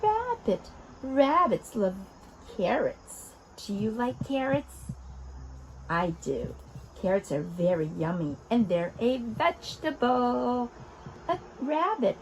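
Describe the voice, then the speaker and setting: A woman hosting an interactive lesson for toddlers, talking directly to small children in an animated, coaxing way. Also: a little high, slow, a little hiss or hum, low-quality recording. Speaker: children's video host.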